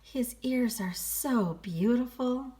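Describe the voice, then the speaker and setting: A woman's voice: fairly high pitch, takes it slowly, dark tone, voice pushed up. A woman voicing a delighted little girl in a storybook reading, sweet and admiring.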